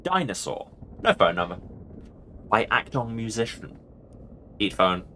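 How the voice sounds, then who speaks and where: A man's voice: lowish voice, a little slow, sharp tone, slight background noise. A man hosting a let's play and giving playful, jokey commentary on the game. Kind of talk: casual gameplay commentary.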